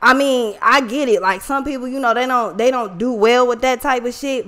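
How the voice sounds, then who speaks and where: A woman's voice: on the high side, moderate pace, few pauses, a bit bright. A woman telling a personal story to her viewers in a casual, emotional, profanity-heavy way. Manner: profane, emotional, slangy, talks to viewers directly. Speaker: online reader and vlogger.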